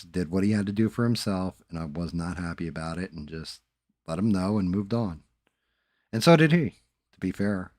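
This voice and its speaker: A man's voice: deep voice, a little mellow, no echo, clean studio sound. A man hosting a live stream, telling stories casually and swearing freely. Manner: laid-back storytelling with swearing.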